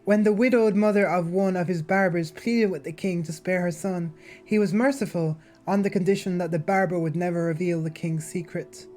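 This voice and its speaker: A woman's voice: lowish voice, fairly even intonation, normal speed, a little mellow, faint music behind. A woman streaming, chatting and reading aloud with a slightly nasal voice and a sore throat, rambling through fillers and restarts. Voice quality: somewhat nasal. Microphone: basic mic, no headset.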